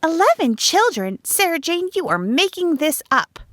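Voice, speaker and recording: A woman voicing an excitable young schoolteacher, asking eager exclamatory questions. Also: sits high, a little slow, no echo, studio quality, voice pushed up, full character voice.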